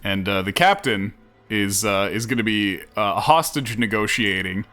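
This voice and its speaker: Casting: male game master, bright tense voice, halting narration over faint music. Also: fairly low pitch, animated. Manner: halting, many fillers and restarts. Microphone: headphones headset.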